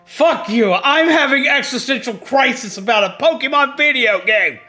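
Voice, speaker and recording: A male streamer rants animatedly and profanely through casual gaming commentary. His voice sits high and swings widely in pitch, with a bright, sharp edge, and faint music plays behind him. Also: animated, moderate pace, few pauses. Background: faint background music.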